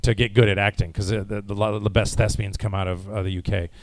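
A man's voice: on the low side, level tone, brisk, no echo. An American man who works as a voice actor, answering fan questions in a rambling, chatty way with many fillers and restarts, and a little jet lagged. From United States. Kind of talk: casual panel Q&A.

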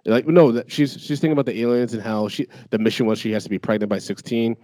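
Mellow-voiced man in casual chat. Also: mid-range voice, quick pace, dry recording, studio quality. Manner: animated, profane storytelling.

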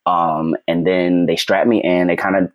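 A man telling a story as a podcast guest, animated, rambling and acting out quoted dialogue. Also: low-pitched, no room sound. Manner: fast, rambling with many "like"s. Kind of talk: casual storytelling chat.

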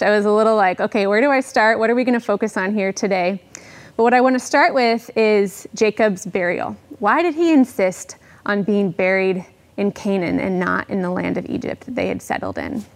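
A woman delivers a sermon to her congregation, reading scripture aloud and then explaining it. Her voice sits at an ordinary middle pitch, and her delivery stays relaxed and conversational. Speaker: preacher.

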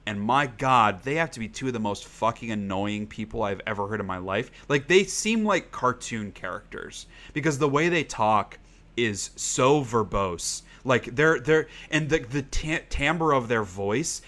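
A man's voice: medium pitch, lively intonation, measured pace, a bit bright. A man co-hosting a podcast who chats casually and rambles, swearing freely and using lots of "like". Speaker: podcast co-host. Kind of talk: casual chat.

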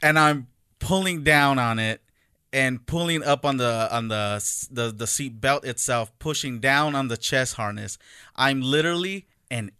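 A man in his thirties with a bright, clear voice chats casually and tells a story with energy. He slips into little voices for the people in it. The sound is close and dry. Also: medium pitch, unhurried, dry recording. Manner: animated storyteller, acts out quotes. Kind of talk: casual chat.

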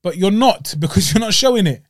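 A man co-hosting a podcast, ranting in animated casual chat and talking straight at the fighter, a little congested and short of breath. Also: high voice, a little fast, no echo, studio quality. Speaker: podcast co-host.

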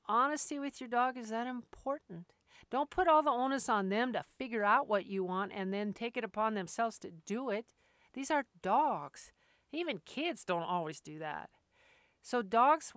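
A woman dog trainer giving casual, plainspoken advice, acting out owners and dogs in quick quoted voices and laughing now and then. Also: fairly high pitch, no room sound. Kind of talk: casual instructional talk.

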